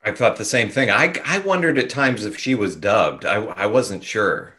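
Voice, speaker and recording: A man chiming in with short, unhurried remarks during a casual film chat on a podcast. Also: lowish voice, lively intonation, bright, forceful tone. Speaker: podcast co-host.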